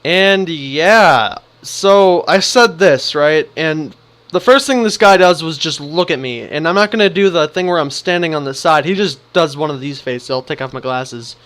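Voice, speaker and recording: A young man tells a story in a casual, animated way, slipping into the voices of the people in it. His voice is high for a man. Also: normal speed, clean tone. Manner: animated, acts out the quotes. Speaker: vlogger.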